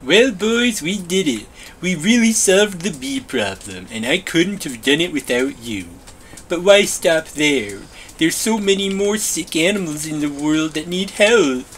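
A performer doing a whiny, bossy little overseer who fancies itself a bee, in a game-video comedy. It drawls its orders slowly at a middling pitch. It bosses the builders around in childish, broken grammar. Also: animated, a bit bright, slight background noise. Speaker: boss directing the builders. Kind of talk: comedic machinima voice acting.

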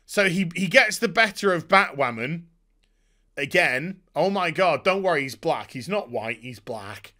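Man, sarcastic profane TV rant, high voice, unhurried delivery. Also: animated, sharp tone. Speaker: YouTube TV reviewer. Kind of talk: ranting TV review.

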